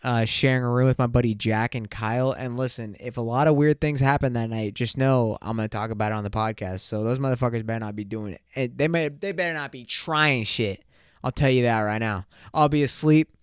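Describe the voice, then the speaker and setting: A man's voice: medium pitch, a little fast, clean tone, no echo, clean studio sound. Crude, rambling young male podcaster. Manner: loose, crude, rambling banter with bursts of excitement. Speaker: podcast host. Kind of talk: casual solo podcast rant.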